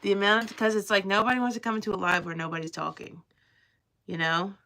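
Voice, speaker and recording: A young woman with a Southern drawl chats loosely to her livestream viewers, rambling and playful. Her voice is bright and forward, with a gravelly, fried edge at the ends of phrases, at a middling pitch. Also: flat delivery, quick pace, a little hiss or hum. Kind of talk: casual chat with live chat.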